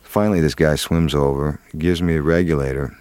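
A man's voice: a bass voice, fairly even intonation, brisk, darkish tone, smooth, dry recording. A man, an actor, telling a long story in an interview, rambling with many fillers and restarts. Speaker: actor guest.

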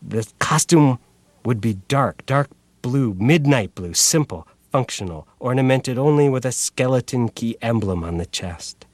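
A man reading a novel aloud, voicing a young male immigrant artist who speaks in a measured, deliberate way. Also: medium pitch, lively intonation, no room sound, natural voice. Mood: thoughtful. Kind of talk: audiobook reading.

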